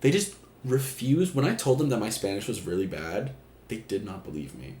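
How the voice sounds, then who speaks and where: A man's voice: lowish voice, sing-song, brisk, darkish tone. Chatty, joking man in an echoey room. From Puerto Rico. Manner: chatty, swearing, loose and joking. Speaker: stream host. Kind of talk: casual chat.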